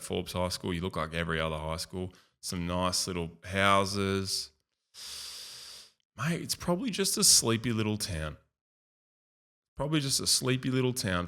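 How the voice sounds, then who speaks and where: A chatty Australian man talks through a screen tour in a casual, rambling way, doubling back on his own phrases. His voice sits low. It also has a bright, forceful edge. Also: vocal fry. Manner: rambling, repeats himself, chatty asides. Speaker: video host.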